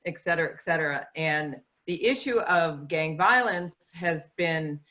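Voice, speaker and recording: A woman adding her own reflections at a talk, in a measured, thoughtful way. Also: deep voice, animated, sharp tone. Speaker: co-speaker. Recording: dull lo-fi recording.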